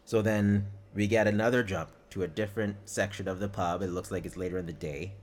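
Low-voiced laid-back podcast co-host. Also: male voice, steady tone, brisk, a little mellow, slight background noise. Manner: laid-back, recaps scenes at length, acts out quotes. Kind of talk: casual podcast chat.

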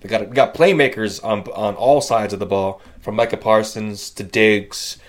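Easygoing young man, lowish voice. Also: fairly even intonation, moderate pace. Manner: easygoing, offers predictions. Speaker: podcast co-host. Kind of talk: casual sports chat.

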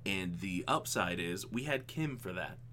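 A man co-hosting a casual podcast, talking animatedly about a film adaptation, with frequent ums and quick laughs. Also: low voice, expressive, bright, forceful tone, a little hiss or hum. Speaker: podcast co-host.

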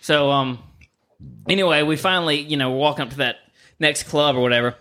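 A man's voice: a little high, brisk, bright, forceful tone. A young man in casual chat with friends, joking and teasing as he takes over the story. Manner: joking, teasing, mock-dramatic asides.

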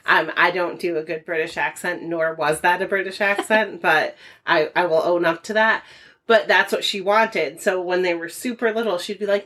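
A woman co-hosts a podcast in easygoing, casual chat. Her voice sits a little low, and she talks loosely with plenty of fillers, laughing often. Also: moderate pace, a bit bright. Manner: conversational, frequent "like" fillers, laughs easily. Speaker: podcast co-host.

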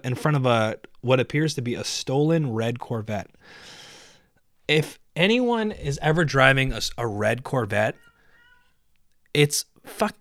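A man's voice: mid-range voice, very animated, unhurried, a bit bright, no echo, studio quality. A man hosting a solo podcast from indoors, ranting in a profane, sarcastic, rambling way. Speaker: podcast host. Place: indoors by a window.

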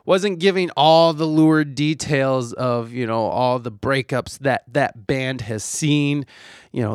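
A man's voice: medium pitch, no room sound, studio quality. A young man hosting a podcast, talking in a rambling, profane, self-deprecating way. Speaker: podcast host. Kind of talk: casual solo chat.

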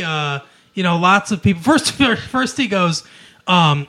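A man co-hosting a casual podcast chat, retelling a TV episode in an animated way, acting out quoted lines and laughing often. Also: high-pitched, slow. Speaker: podcast co-host.

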